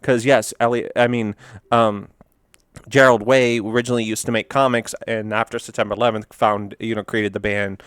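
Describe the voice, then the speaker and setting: A man riffs through casual meme commentary in a rambling, frank manner, full of fillers and restarts. His voice is smooth and clear at a middle pitch. The sound is close and dry, with no room around it. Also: flat delivery, normal speed, a bit bright, no echo. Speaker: video host reacting to memes.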